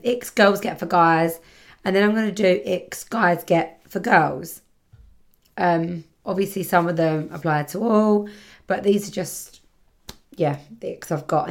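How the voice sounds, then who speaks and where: Speaking in a lowish, creaky voice, a British podcast host chats alone at her seaside home. Her talk meanders casually, packed with fillers and moments where she corrects herself.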